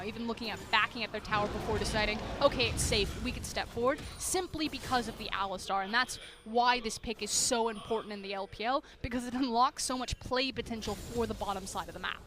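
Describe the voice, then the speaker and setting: A woman's voice: fairly high pitch, fairly even intonation, a little fast, hardly any pauses. A woman giving analytical esports color commentary, with fillers and playful asides. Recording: commentary over game music.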